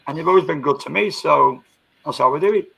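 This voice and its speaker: A man's voice: fairly high pitch, fast talker, gravelly, pushed and bright, husky, low-quality recording. A man hosting a casual live-stream chat, bantering with coarse slang and laughing often.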